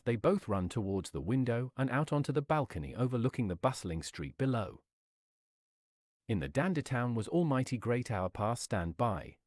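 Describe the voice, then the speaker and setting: A man reading an interactive adventure story aloud in a lively, sing-song storytelling manner. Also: medium pitch, no room sound, clean studio sound.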